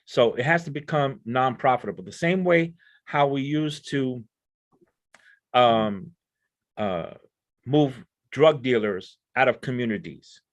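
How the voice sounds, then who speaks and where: A man's voice: mid-range voice, slow. Earnest man explaining step by step. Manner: earnest, repeats words while building points. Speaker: panel speaker on crime prevention. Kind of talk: explanatory discussion.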